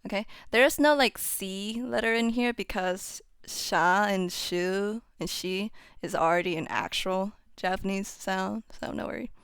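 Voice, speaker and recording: A woman casually teaching how to pronounce Japanese syllables, chatting informally and then singing the syllables out in a steady tone. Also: mid-range voice, measured pace, hardly any pauses, clear, resonant tone, no room sound. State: voice getting strained. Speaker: UTAU voicebank tutor.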